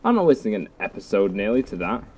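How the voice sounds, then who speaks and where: A man's voice: on the low side, big pitch swings, fast talker, a little mellow. A young man giving casual, goofy, self-mocking let's play commentary. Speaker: gaming youtuber.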